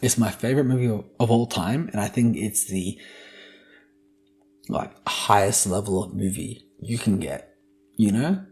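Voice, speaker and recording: A man's voice: fairly low pitch, steady tone, unhurried, a little mellow. A young man hosting a solo podcast, talking casually in a joking, profane, ranting way. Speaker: podcast host.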